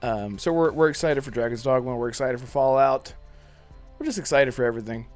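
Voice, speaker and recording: A man's voice: medium pitch, brisk, soft background music. A man hosting a casual gaming podcast livestream, reading chat messages aloud and laughing often. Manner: animated, laughs often, acts out movie lines.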